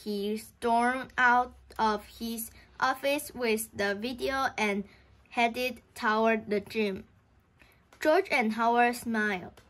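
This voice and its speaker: A young woman reads a children's story aloud, stumbling and restarting words often. She reads slowly in a fairly high voice. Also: fairly even intonation, fairly bright tone. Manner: halting with frequent restarts. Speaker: reader. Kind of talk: reading a children's book aloud.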